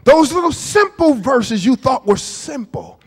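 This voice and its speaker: A man in his fifties preaching a sermon, putting questions to the congregation and swinging from hushed asides to shouts. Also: extremely high pitch, sing-song, a little slow, husky. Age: 50s. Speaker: pastor. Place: church sanctuary. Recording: church hall reverb.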